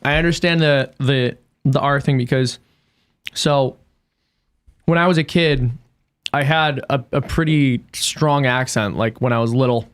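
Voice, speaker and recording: A man's voice: mid-range voice, unhurried, smooth. An American man chatting as a podcast guest, musing aloud at length with many restarts. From United States. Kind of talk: casual chat.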